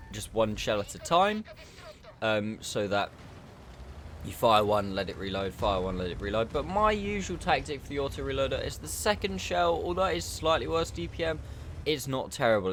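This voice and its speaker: A man talking through his gameplay in a relaxed, chatty way, his pitch rising and falling a lot as he explains tactics. He mocks himself now and then. A faint hiss of noise sits under the voice. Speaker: gameplay commentator. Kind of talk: casual gameplay commentary.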